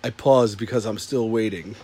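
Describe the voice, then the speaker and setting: A man's voice: medium pitch, very noisy. A man co-hosting a casual podcast, reading listener comments aloud and laughing often. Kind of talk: casual chat.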